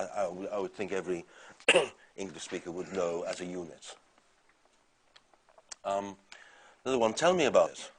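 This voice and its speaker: Man lecturing, low voice, casual and hesitant. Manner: conversational, hesitant with fillers and restarts. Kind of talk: university lecture.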